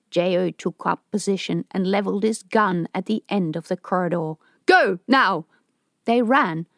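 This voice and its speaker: A woman reads an audiobook in a steady, even storytelling voice. Her pitch sits at an ordinary middle level. The recording is dry and close, with no room echo. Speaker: audiobook narrator. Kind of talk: scripted audiobook narration.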